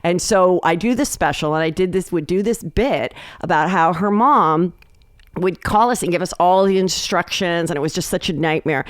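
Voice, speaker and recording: A woman comedian chatting as a guest on a podcast, telling animated stories and acting out quotes. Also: on the low side, moderate pace, no room sound, clean studio sound. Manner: animated storyteller, acts out quotes. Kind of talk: casual podcast chat.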